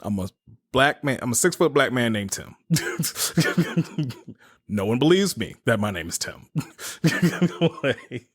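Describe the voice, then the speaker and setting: Laughing, cursing podcast host. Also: male voice, mid-range voice, sing-song, slow pace, pauses often, slightly rough. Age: 30s. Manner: profane, laughs often between phrases. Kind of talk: casual storytelling chat.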